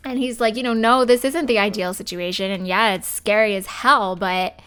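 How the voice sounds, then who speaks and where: Woman in a let's play host role, expressive and casual, with a mid-range voice. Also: medium pitch, measured pace, smooth. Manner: chatty and expressive, full of fillers. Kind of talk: casual gameplay commentary.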